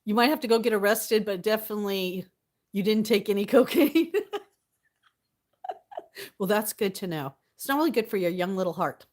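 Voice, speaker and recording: A young woman livestreams in a casual, giggly way, laughing often and reading out her viewers' chat names one by one to greet them. Her voice sits at medium pitch and moves at normal speed, with frequent pauses.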